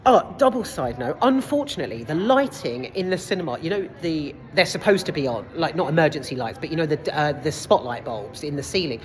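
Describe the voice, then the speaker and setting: Animated, rambling woman reviewing films. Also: low voice, brisk, few pauses. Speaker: film reviewer. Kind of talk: casual spoken film review. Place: cinema foyer.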